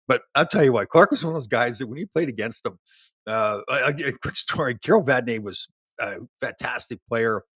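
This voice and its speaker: A man in his sixties, a former hockey player, telling lively stories as a guest in an interview. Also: medium pitch, fairly quick, breathy edge, no room sound. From Canada. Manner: animated storyteller, laughs, many restarts. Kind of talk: casual storytelling interview.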